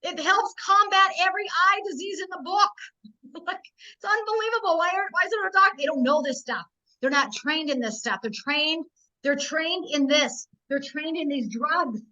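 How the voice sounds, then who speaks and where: A woman gives an emphatic sales presentation on a video call. She talks straight to her audience and checks in with them again and again. Her voice sits high and bright, and the sound is a little muffled. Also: normal speed. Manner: emphatic, talks to the audience directly with frequent "right?" and "guys".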